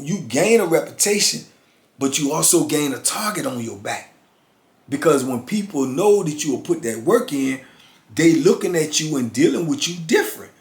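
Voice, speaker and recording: A man in his fifties hosting his channel, telling a story casually and acting out both sides with street slang. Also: fairly high pitch. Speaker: channel host. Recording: roomy echo.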